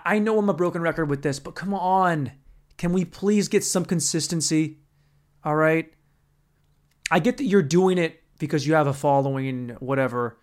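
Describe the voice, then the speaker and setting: A young man hosting a podcast, ranting in a crude, sarcastic, rambling comedic style. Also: a little high. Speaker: podcast host. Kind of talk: comedic rant.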